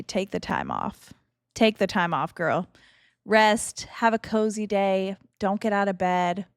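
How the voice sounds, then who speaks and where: A woman streamer talks casually to her chat while she plays, chatty and open with her feelings. Her voice sits in a middle register but swings widely in pitch. The sound is close and dry. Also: clean tone, no room sound. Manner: chatty and emotional, laughing often. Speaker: game streamer.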